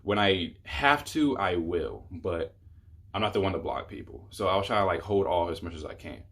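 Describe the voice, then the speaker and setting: A man's voice: low-pitched, expressive, normal speed, a bit bright. A young man telling a rambling, exasperated storytime on his vlog, full of fillers. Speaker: YouTuber.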